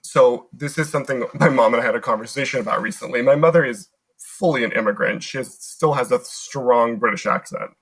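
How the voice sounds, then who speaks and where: A man's voice: mid-range voice, a little fast, breathy edge, low-quality recording. A young American man in casual conversation as a podcast guest, talking in loose, rambling sentences full of "like" and restarts. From United States. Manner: chatty, lots of "like" fillers and restarts.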